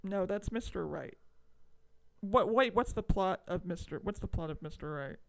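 A woman's voice: mid-range voice, expressive, moderate pace, gravelly. A woman co-hosting a podcast, chatting casually in a hesitant, thoughtful way with many fillers. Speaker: podcast co-host. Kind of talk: casual chat.

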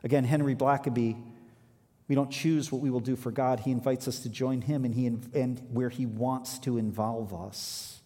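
A man's voice: medium pitch, steady tone, normal speed, dark tone. Man preaching in an echoing hall. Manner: reads scripture aloud, then explains with emphatic rises. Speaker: pastor. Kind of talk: sermon. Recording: reverberant hall.

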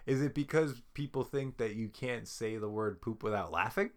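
A man's voice: medium pitch, moderate pace. A man in casual chat, laid-back and slangy, breaking into laughter often.

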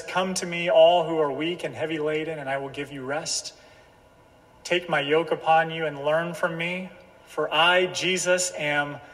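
Man, pastor, sermon, slightly high voice, slow emphatic repetition, long church reverb. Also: fairly bright tone. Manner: slow, emphatic preaching with repeated phrases. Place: church sanctuary.

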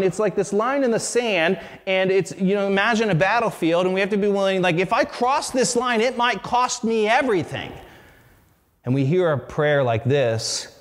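A man's voice: high-pitched, big-room sound. A man preaching a sermon as pastor, earnest and conversational, often restarting his sentences.

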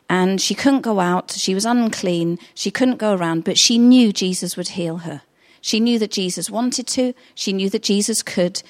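A woman's voice: mid-range voice, gravelly. A middle-aged woman preaching a sermon, telling stories in a chatty, earnest way. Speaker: pastor.

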